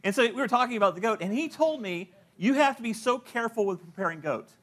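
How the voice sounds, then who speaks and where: A man's voice: high-pitched, expressive, fast talker, a bit bright. A middle-aged male pastor preaching a sermon, telling stories and acting out the people he quotes, often laughing at his own points.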